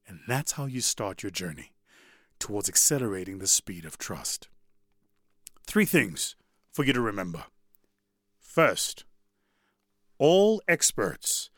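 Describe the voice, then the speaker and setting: Animated man giving a motivational talk. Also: on the low side, no echo, clean studio sound. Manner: animated, conversational, asks the audience. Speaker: public speaker.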